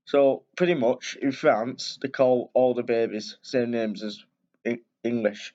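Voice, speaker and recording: A storyteller and video host reads a children's picture book aloud in a loose, rambling way, drifting into chatty asides and frequently correcting himself. His middle-pitched voice has a dark tone, fairly even intonation and an unhurried pace. The recording is slightly muffled and lo-fi.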